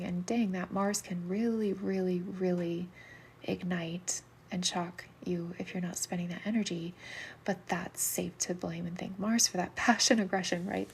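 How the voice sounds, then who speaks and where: Soft-spoken woman, soothing reader. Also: on the low side, a little hiss or hum. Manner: soft, soothing voice that drops into whispers. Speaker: livestream soulmate reader. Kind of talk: casual livestream reading and chat.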